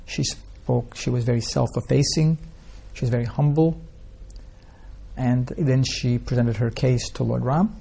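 A man's voice: mid-range voice, steady tone, measured pace, creaky, dark tone, slightly rough. A man teaching an informal scripture class, telling stories in a rambling way and asking the listeners rhetorical questions. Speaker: spiritual teacher.

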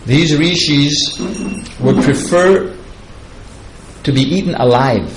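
A man's voice: on the high side, slow pace, background noise. A man giving a devotional lecture, retelling scripture in a chatty, digressive way and chuckling at his own asides. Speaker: spiritual teacher.

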